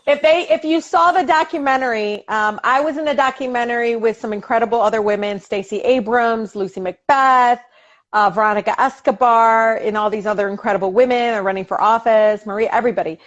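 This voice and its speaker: A woman politician, appearing as an interview guest over a video call, tells animated stories, laughs often and acts out family dialogue. Her voice is on the high side and fairly quick, and the sound is lo-fi.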